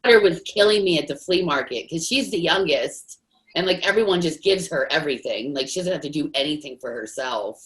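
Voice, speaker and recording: A woman from the Dominican Republic with a somewhat low voice, co-hosting a casual podcast. Her pitch moves a lot as she tells chatty stories and acts out what people said. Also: animated, brisk, rough recording. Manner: chatty storyteller, acts out quotes. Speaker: podcast co-host.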